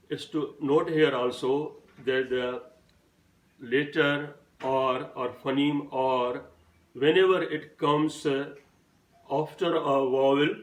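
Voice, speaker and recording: A man's voice: mid-range voice, echoey room, recorded from a distance, low-quality recording. A man giving a phonetics lesson, carefully spelling out example words one at a time. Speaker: teacher.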